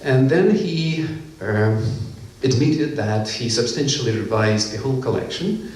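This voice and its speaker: A man's voice: medium pitch, a little slow, a little mellow. A man giving an academic conference lecture, explaining points from his slides. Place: conference hall. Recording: echoey hall, mic far off.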